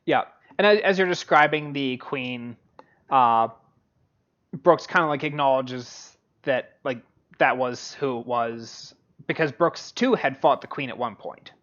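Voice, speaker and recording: A man narrating as game master of a tabletop game, halting and full of fillers. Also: mid-range voice, fairly bright tone. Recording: dull lo-fi audio.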